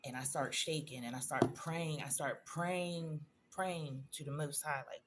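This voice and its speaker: A woman's voice: deep voice, steady tone, a little slow, few pauses, noisy background. A woman in a personal vlog, telling a painful story in a conversational, emotional way, addressing viewers directly. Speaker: vlogger.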